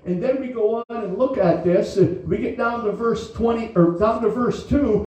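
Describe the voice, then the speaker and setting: A male pastor preaches, often pausing on "uh, amen" to fill the gaps between his points. His voice sits high but sounds mellow and soft-edged. It reaches the mic from a distance and rings around a very echoey church room. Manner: preachy, drawn-out phrasing with frequent "uh, amen". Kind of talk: sermon. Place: church sanctuary.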